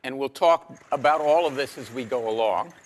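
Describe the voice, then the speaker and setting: Male lecturer, mid-pitched, dry wit, measured delivery with ums, lapel mic in a lecture hall. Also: slight background noise. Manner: dry humor, measured, frequent ums and uhs. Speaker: university lecturer. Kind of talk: classroom lecture.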